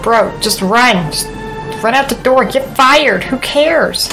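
A woman's voice: a little high, lively intonation, slow, over music, rough recording. A woman playing a horror game and commenting, talking to herself in a nervous, jumpy, joking way. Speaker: gaming YouTuber.

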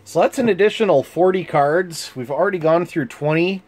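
A man hosting a casual card game review, reading cards in an amused, chuckling, unhurried way. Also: fairly high pitch, darkish tone. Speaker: channel host.

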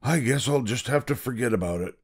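An older man voicing an angry male ticket seller who shouts indignantly in a storybook reading. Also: sits high, very animated, very slow, gravelly, voice pushed up, full character voice. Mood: grudging.

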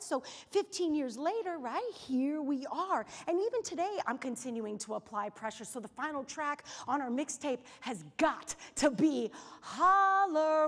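A woman in her forties giving an energetic, story-driven motivational keynote on a hotel ballroom stage, acting out the quotes in her stories. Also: high-pitched, husky. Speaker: keynote speaker. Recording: reverberant hall.

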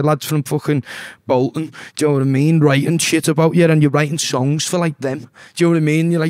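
In a laid-back interview chat, a young man from Liverpool who sings swears liberally and keeps saying "do you know what I mean". His voice is a little high and a little mellow, captured at studio quality without echo.

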